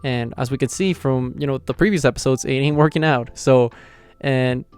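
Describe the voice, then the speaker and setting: Excitable young man recapping anime. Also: medium pitch, moderate pace, smooth. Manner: excitable, slangy storytelling. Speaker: anime reviewer. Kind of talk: casual reaction recap.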